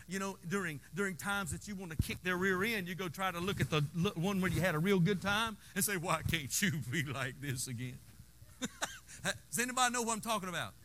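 A man's voice: sits high, fairly bright tone, a little hiss or hum. A man preaching a sermon in a folksy, call-and-response style, with playful asides to the congregation. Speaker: pastor.

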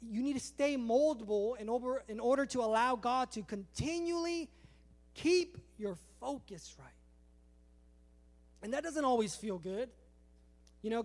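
Man, preacher, very high voice, animated sermon storytelling. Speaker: pastor.

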